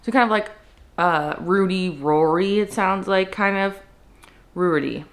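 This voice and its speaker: A woman's voice: medium pitch, measured pace. A young woman in casual, chatty conversation at home as a book vlogger, often using "like" and "um". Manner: chatty, peppered with "like" and "um". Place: at home indoors.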